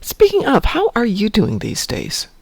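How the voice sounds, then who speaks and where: A man's voice: high voice, huge pitch swings, a little slow, creaky, breathy edge. A man hosting a casual morning live stream from home, rambling and joking about his day. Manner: rambling, chatty, self-joking.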